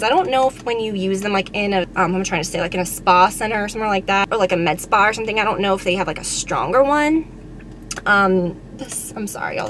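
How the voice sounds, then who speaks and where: A woman's voice: mid-range voice, fairly bright tone, a little hiss or hum. A young woman, chatting casually and telling a story full of fillers while she sits in a car. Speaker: beauty vlogger. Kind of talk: casual chat while driving.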